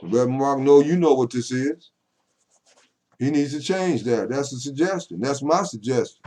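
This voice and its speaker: A man's voice: medium pitch, big pitch swings, normal speed, pauses often, mellow. An older man talking at home to camera in a rambling, folksy monologue that swings into call-and-response preaching. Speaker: poet vlogger.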